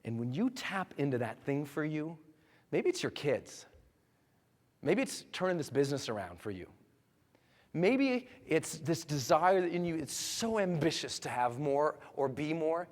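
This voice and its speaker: A man's voice: fairly high pitch, big pitch swings, a little slow. A man giving a motivational seminar talk to a live audience, telling stories with energy and strong emphasis. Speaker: motivational speaker. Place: large hall with live audience. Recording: echoey hall reverb.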